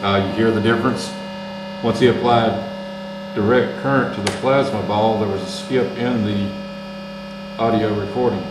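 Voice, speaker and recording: A man's voice: on the low side, steady tone, normal speed. A man, a paranormal investigator, explaining his equipment in an easygoing casual demo. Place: indoor room with equipment table. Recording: roomy echo with mains hum.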